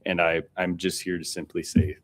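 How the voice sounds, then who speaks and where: Low voiced guy at a city council mic, earnest, bit choked up, saying thanks. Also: flat delivery, moderate pace. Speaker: former public works supervisor speaking at public comment. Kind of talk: prepared public comment.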